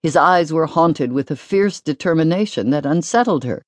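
A woman narrating a novel in a measured, expressive storytelling voice. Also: sits low, dry recording. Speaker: audiobook narrator. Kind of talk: scripted narration.

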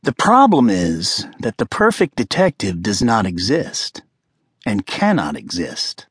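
A man voicing a cerebral male author who lectures an audience in a measured, detached way in an audiobook. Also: fairly low pitch, huge pitch swings, fairly bright tone, breathy edge, dry recording, studio quality, voice pushed down, full character voice.

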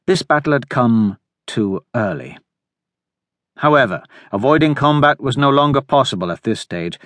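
A man narrating an audiobook in a steady, measured way. His voice sits at a mid pitch and is recorded dry and close on a studio mic. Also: no echo. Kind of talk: scripted narration.

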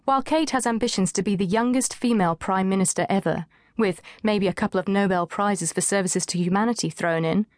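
A woman's voice: medium pitch, a little fast, no echo. Wry woman narrating, dry studio sound. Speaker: audiobook narrator. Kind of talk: scripted audiobook narration.

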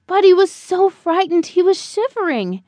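A woman narrating a children's storybook in a slow, expressive, animated way. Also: extremely high pitch, no room sound. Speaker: audiobook narrator.

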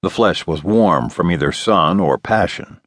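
A man reads a first-person novel in a wry storytelling manner. His voice sits low, and its pitch moves a great deal from phrase to phrase. The studio recording is close and completely dry. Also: animated, a little slow, a bit bright, no echo. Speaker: audiobook narrator. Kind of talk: scripted first-person narration.

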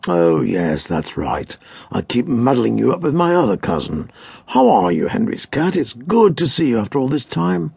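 A man's voice: mid-range voice, wildly swooping pitch, normal speed, gravelly, darkish tone, breathy edge, dry recording, exaggerated voice. A man voicing a chummy, wheedling male tiger who claims to be a distant cousin in a children's story. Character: smooth-talking scheming male tiger cousin. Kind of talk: storybook character voice.

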